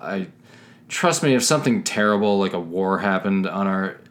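A man's voice: low voice, expressive, normal speed, slight background noise. A man co-hosting a podcast in casual chat, matter-of-fact and self-assured. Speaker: podcast co-host.

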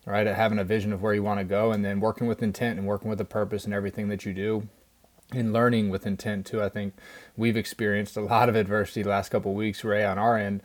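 Earnest man with flat low voice. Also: fast talker. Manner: earnest, enthusiastic, speaks in steady flowing runs. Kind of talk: motivational podcast talk. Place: small studio.

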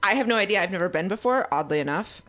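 Wry deadpan woman podcast guest. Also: mid-range voice, fast talker. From Seattle. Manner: wry, deadpan, laughs often. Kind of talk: casual chat.

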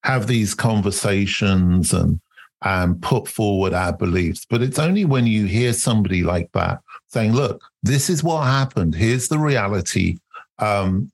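A man's voice: fairly low pitch, vocal fry, slightly rough. A man hosting a podcast, talking in a thoughtful, reflective way in a casual conversation. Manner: thoughtful, reflective, mild restarts. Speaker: podcast host.

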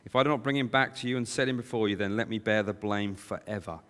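A man voices an earnest son arguing and pledging, in a low voice. The reading rings with a long hall reverb. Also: quick pace, a bit bright, lightly acted. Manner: earnest, persuasive. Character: earnest son pledging his brother's safety.

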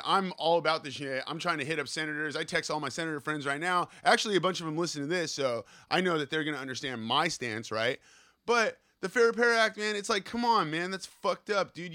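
A man hosting a podcast, ranting in a loose, profane monologue. His voice sits a little high and sounds bright and forceful. He keeps checking in with his listeners as he talks. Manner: profane, animated, keeps asking "right?". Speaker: podcast host.

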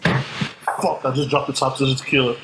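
A man's voice: medium pitch, level tone, normal speed, fairly bright tone, rough recording. A man hosting a casual podcast chat, laid-back and playful.

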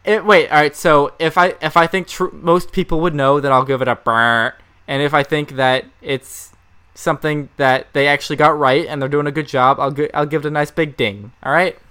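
A man co-hosting a casual chat, animated, jumping loud now and then with shouted sound effects. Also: fairly high pitch, normal speed, clear, resonant tone. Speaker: co-host.

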